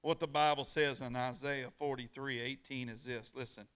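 A man preaching a sermon in church, calling on the congregation to answer back and swinging from hushed, close lines to loud declarations. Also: medium pitch, fairly even intonation, normal speed, smooth. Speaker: pastor. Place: church on a weeknight.

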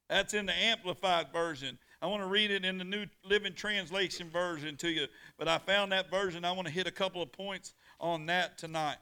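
Male pastor, fairly high and bright, call-and-response sermon, hushed then booming. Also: fairly quick, hardly any pauses, smooth. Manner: call-and-response preaching, swings from hushed to loud. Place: church on a weeknight.

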